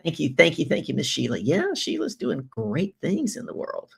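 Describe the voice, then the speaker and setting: Hosting a live business-coaching show, a woman welcomes viewers and reads their comments with effusive animation and plenty of rhetorical questions. Her voice is deep, creaky and husky, and she keeps a moderate pace.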